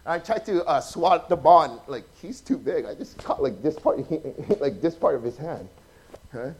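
A male preacher with a notably high voice gives a relaxed, conversational sermon. He tells stories with lively energy, acts out the people in them and keeps asking his listeners questions. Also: normal speed, husky. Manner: chatty, animated, acts out quotes, asks the audience questions. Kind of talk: informal sermon storytelling.

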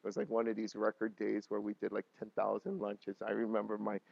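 A man in his thirties, a pastor telling personal stories in a sermon, emotional, swinging from quiet talk to loud laughing bursts. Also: on the low side, completely flat delivery, fast talker, gravelly, no room sound, muffled recording.

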